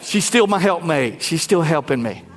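High-voiced man preaching a sermon. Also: moderate pace, some chatter behind. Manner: animated preaching, talks directly to the congregation. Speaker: pastor.

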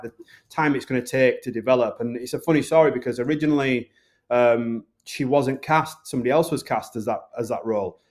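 Earnest Northern English man, rambling. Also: medium pitch. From Northern England. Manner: earnest, rambling, filler-heavy. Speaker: film director, guest. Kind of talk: casual interview talk.

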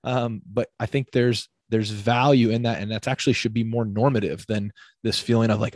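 A fitness coach talking as a podcast guest, energetic and casual, with lots of "like" fillers. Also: male voice, lowish voice, normal speed, no room sound. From Midwest United States. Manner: energetic, heavy use of "like".

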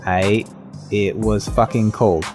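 A man's voice: fairly low pitch, steady tone, slow pace. Man, tabletop role-play, in character as a young musician, profane street slang, casual, faint background music. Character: young male musician James, brash and confused. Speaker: player.

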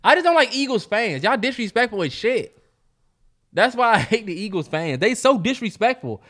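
A man co-hosting a casual sports podcast, blunt and swearing in animated banter. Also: sits high, moderate pace. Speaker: podcast co-host.

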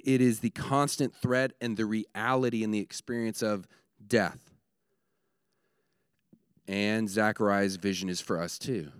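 A man's voice: lowish voice, clear, resonant tone, no room sound, clean studio sound. A man preaching a sermon, emphatic, building his points in repeated short phrases. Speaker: pastor.

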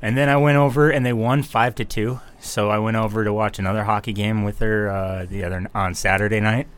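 A man with a fairly low voice telling a meandering anecdote in casual chat. He stumbles through fillers and restarts as he goes. The delivery is loose and conversational. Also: steady tone, fairly quick, smooth. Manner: rambling, lots of fillers and restarts.

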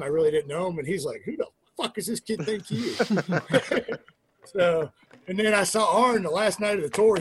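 Husky high-voiced guy, middle-aged ex-wrestler swearing through old road stories, acting out everyone's lines. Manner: profane, animated storyteller, acts out quotes; trailing fillers and restarts. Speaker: interview guest, former pro wrestler. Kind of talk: casual storytelling.

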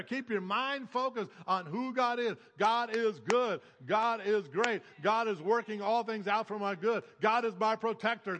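A man's voice: high-pitched, a bit bright, in a large hall. A man preaching a sermon as a pastor, emphatic and repetitive, building phrases in rhythmic lists.

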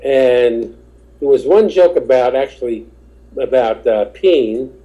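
A man's voice: mid-range voice, slow pace, warm tone, poor audio. A male stand-up comedian, a podcast guest, telling rambling anecdotes in casual chat and acting out the voices of the people in them. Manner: rambling, acts out quoted voices.

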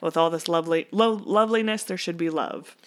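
A young woman co-hosting a casual movie podcast, chatty and quick to laugh. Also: lowish voice. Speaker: podcast co-host.

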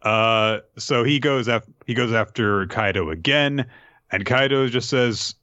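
A man hosting a podcast and casually recapping an episode in an animated way, with quick asides, on a dull lo-fi recording. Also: medium pitch, no echo. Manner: animated, retelling fight scenes with quick asides. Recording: dull lo-fi sound.

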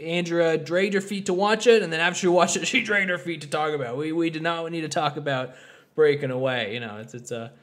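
This podcast co-host talks quickly in a fairly bright voice on the high side. Chatting casually about movies, he rambles, jokes, and keeps restarting his sentences amid lots of fillers.

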